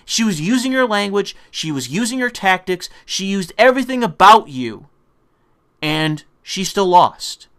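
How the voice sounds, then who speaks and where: A man's voice: high-pitched, very animated, unhurried, a bit bright, clear, resonant tone. A man delivering an angry, profane political rant in a combative, sarcastic manner. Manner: mocking put-on voices when quoting opponents. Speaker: political commentator.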